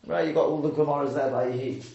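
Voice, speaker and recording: A man's voice: medium pitch, fast, creaky, highs cut off. A man teaching a live Torah class, acting out the speakers he quotes and often correcting himself mid-sentence. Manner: lively, dramatizes quoted speakers, frequent self-corrections. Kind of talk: live Torah study lecture. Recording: roomy echo.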